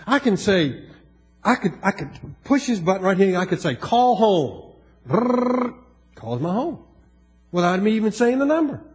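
High-voiced Southern preacher man. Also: very animated, a little fast, soft background music. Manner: folksy, joking asides, rises in emphasis. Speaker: pastor. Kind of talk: sermon.

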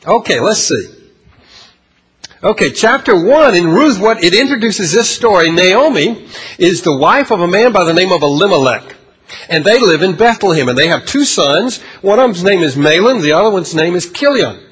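Husky high-voiced man preaching a sermon. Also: expressive, a bit bright. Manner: halting, repeats words, rhetorical questions. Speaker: pastor.

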